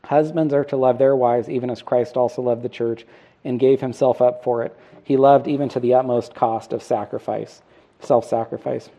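Middle-aged guy preaching, warm mellow voice, earnest, pokes fun at himself, asks the crowd stuff. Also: medium pitch, steady tone, normal speed, dull audio. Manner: earnest, self-deprecating, asks the congregation questions. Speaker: pastor. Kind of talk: sermon.

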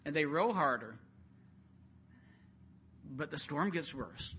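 A man's voice: on the high side, expressive, takes it slowly, a bit bright, a little hiss or hum. A man preaching a sermon, retelling a Bible story in a conversational way and acting out the quotes.

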